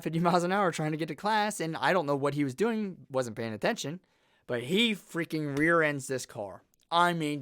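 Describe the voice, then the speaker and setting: A young man, casually telling personal stories to camera in a blunt, animated way. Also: mid-range voice, no echo, studio quality. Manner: animated, blunt, laughs through his stories. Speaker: vlogger.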